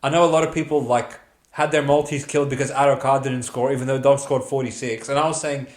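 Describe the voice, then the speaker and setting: A man's voice: medium pitch, fairly even intonation, fast talker. A man co-hosting a sports podcast, breaking down games with blunt, profane chat. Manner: blunt, profane, chatty analysis. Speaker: podcast co-host. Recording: roomy echo.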